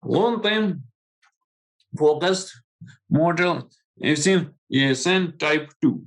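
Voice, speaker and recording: Slow, halting Ukrainian-accented man presenting. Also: a little high, lively intonation, a bit bright, low-quality recording. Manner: halting, reads slides. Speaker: conference presenter. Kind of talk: reading a research presentation. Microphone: video call.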